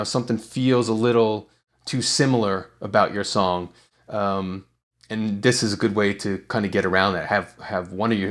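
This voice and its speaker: Guy with a lowish voice walking through a songwriting tip, laid back, lots of uhs and restarts. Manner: relaxed explaining with frequent fillers and restarts. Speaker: songwriting teacher. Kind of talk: casual video tutorial.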